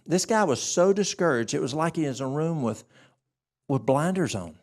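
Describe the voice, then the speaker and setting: A man presenting a church health workshop, telling a story with animated acted-out dialogue. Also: on the high side, moderate pace.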